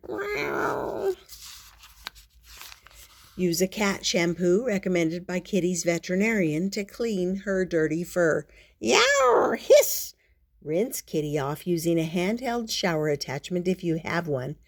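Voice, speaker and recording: With a lowish voice, this older woman takes on the role of a grandmother telling stories, reading a picture book for children at a relaxed pace. She reads expressively and adds playful little asides.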